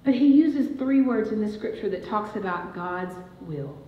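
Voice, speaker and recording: In a church sanctuary, a woman with an expressive, mid-range voice preaches at normal speed. She relates a family story, building up to emphatic statements, and the recording comes across dull and echoey.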